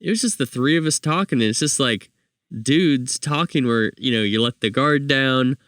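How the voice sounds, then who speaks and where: A man's voice: medium pitch, fairly bright tone, no room sound. Encouraging male podcast host, dry sound. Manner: encouraging, quick to react and laugh. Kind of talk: casual interview chat.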